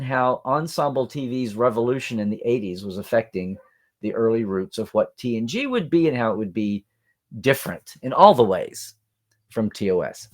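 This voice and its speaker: A man hosting a casual weekly web show, chatty and upbeat, with plugs and thank-yous to supporters. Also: medium pitch. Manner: chatty, upbeat, reads out supporter shout-outs. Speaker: show host.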